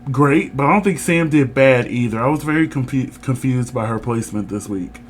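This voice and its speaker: A man co-hosting a casual review chat, animated and teasing as he leads the talk. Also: medium pitch, brisk, a little hiss or hum. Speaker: podcast co-host.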